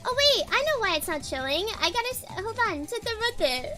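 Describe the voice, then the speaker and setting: Very high-pitched giggly young woman streamer. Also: sing-song, brisk, over music. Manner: giggly, rambling, laughs often. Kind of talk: casual stream chat.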